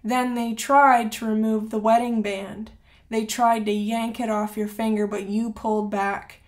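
A woman's voice: on the high side, little pitch movement, measured pace. A woman hosting a devotional channel, talking casually and then reading a prophetic word aloud with earnest, dramatic emphasis. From Canada. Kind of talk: devotional reading and prayer talk.

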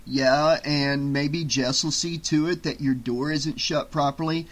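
A man's voice: on the high side, fairly even intonation, a little slow, close to an everyday voice. A male audiobook reader voicing a smug young man who taunts the others.

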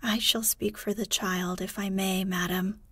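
A woman reading the part of a brisk, bold young aunt who is polite but pushy, in a slow, soft storybook voice. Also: mid-range voice, fairly even intonation, breathy edge, no room sound. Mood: apologetic.

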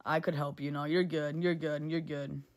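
A woman's voice: deep voice, level tone, normal speed, darkish tone. A woman hosting a phone livestream, talking to her chat in a heated, blunt way, swearing and repeating herself. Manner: swears freely. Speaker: livestream host. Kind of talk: casual livestream talk to chat.

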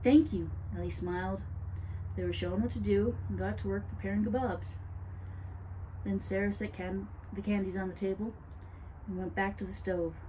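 Woman, storyteller, spooky story narration, mellow, steady. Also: medium pitch, moderate pace, slight background noise, rough recording. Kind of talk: reading a spooky story aloud.

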